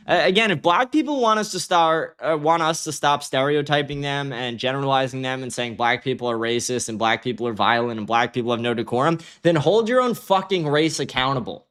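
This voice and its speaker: A man's voice: on the high side, a bit bright. A young man hosting a livestream, giving angry, profane commentary and reacting to his chat. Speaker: livestream host.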